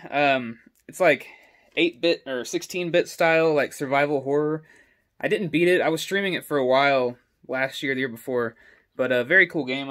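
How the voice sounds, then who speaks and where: A man's voice: fairly high pitch, fairly bright tone. Rambling young man with a casual chat. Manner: rambling, lots of ums and uhs. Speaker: gaming collector showing his collection. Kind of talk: casual walkthrough vlog. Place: indoor home with stairs. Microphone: selfie stick camera.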